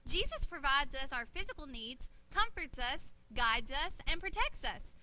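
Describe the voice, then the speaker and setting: A kindly puppet shipmate, voiced by a woman, who patiently explains the lesson to the children. The voice is high and very bright. The delivery is plain and teaching. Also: very animated, moderate pace, heavily acted. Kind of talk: children's church puppet show.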